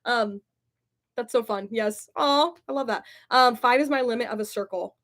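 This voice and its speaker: A woman's voice: on the high side, normal speed, a bit bright. A young woman chatting casually as she answers viewer comments in her vlog, bubbly and giggly. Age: young adult. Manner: bubbly, giggly, says "oh my gosh" often. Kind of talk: casual chat.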